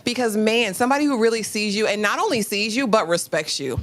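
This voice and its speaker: A woman co-hosting a live TV recap, talking in a relaxed, thoughtful, conversational way. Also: a little high, fast. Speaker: co-host reviewing a TV episode. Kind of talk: casual live recap chat.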